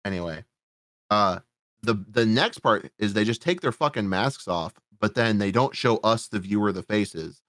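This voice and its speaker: A man's voice: fairly low pitch, animated, normal speed, a bit bright, no room sound, clean studio sound. A man hosting a podcast, reviewing a horror movie in a casual, sarcastic, rambling way, swearing often. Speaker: podcast host.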